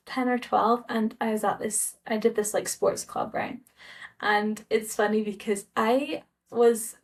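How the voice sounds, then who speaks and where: A woman's voice: medium pitch, recorded from a distance. Chatty woman with an Edinburgh Scottish accent. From Scotland. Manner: chatty, rambling, many fillers like "like" and "um". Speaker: vlogger. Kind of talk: casual storytelling to camera.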